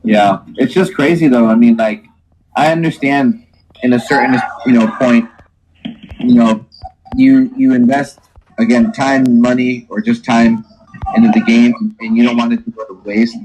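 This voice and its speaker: A man's voice: mid-range voice, fairly even intonation, moderate pace, a little mellow, a little hiss or hum, rough recording. A man talking about a game he plays with friends, thoughtful and hesitant with many fillers. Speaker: player on a gaming stream. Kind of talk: casual chat.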